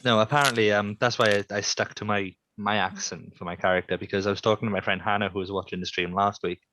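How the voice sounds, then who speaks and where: A man's voice: lowish voice, fairly even intonation, fast talker, pushed and bright, a little hiss or hum. A man with a Welsh accent, chatting in a hesitant, rambling way. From Wales. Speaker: tabletop player. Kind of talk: casual chat.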